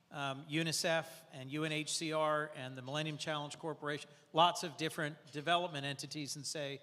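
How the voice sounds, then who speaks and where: A man, a senator, giving matter-of-fact remarks on a panel in a measured way. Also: fairly high pitch, bright, forceful tone, in a large hall.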